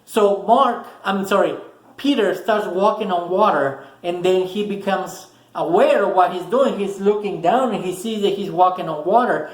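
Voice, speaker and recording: A man's voice: high voice, moderate pace, roomy sound, poor audio. A man giving a casual, earnest motivational talk to camera, repeating words for emphasis. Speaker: motivational vlogger.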